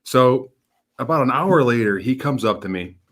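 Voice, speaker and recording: A man's voice: mid-range voice, animated, normal speed, fairly bright tone. A man in his thirties, a financial advisor, hosting a casual webinar in a folksy, upbeat way, telling stories and acting out the voices in them. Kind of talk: casual webinar presentation with storytelling.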